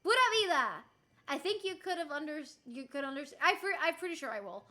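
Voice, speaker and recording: A woman's voice: high-pitched, lively intonation, quick pace, pushed and bright. A young woman from Rico, chatting casually with her stream chat in a playful, giggly way and swearing now and then. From Puerto Rico.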